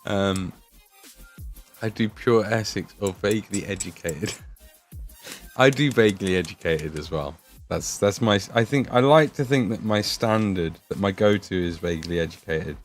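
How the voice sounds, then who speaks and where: A young man with an English Midlands accent chats loosely on a livestream as he paints miniatures. His voice sits a little low, he swears freely and laughs often, and faint music plays behind him. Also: measured pace. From England. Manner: chatty, swears, laughs often, reads chat aloud. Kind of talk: casual livestream chat.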